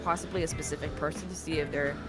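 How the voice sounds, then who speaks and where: A podcast guest in casual chat, talking in animated slang and joking along. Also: medium pitch, fast, soft background music.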